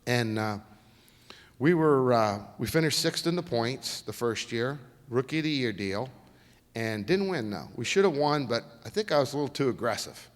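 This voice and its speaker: A man's voice: mid-range voice, moderate pace. A middle-aged man, telling folksy stories as a guest speaker at a lecture. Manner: folksy, lively, acts out quoted voices. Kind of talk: storytelling lecture. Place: lecture hall. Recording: reverberant lecture hall.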